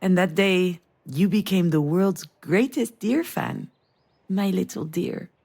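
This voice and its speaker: A woman's voice: lowish voice, sing-song, slow pace, vocal fry, a little mellow, exaggerated voice. An actress playing a mother who recalls a family memory in an intimate, storytelling manner for a game. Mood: nostalgic. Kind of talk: game voice acting.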